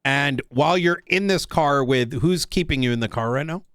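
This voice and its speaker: Calm man asking investigative questions. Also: a little high, normal speed, smooth, dry recording, studio quality. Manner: calm, short prompts and follow-up questions. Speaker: police investigator in role-play. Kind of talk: casual in-character questioning.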